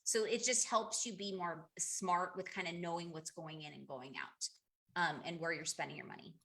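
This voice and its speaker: Woman in her thirties, team leader on a group call: chatty, candid, restarts often, bright forward tone. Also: on the low side, normal speed. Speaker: direct sales team leader. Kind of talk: casual group coaching call.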